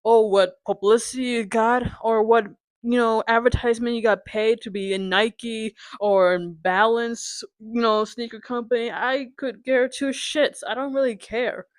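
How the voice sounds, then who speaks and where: A woman's voice: a little high, fairly even intonation, measured pace, dry recording. A young woman ranting in frustration as a vlogger, swearing and repeatedly asking if you understand. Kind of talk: angry sports rant.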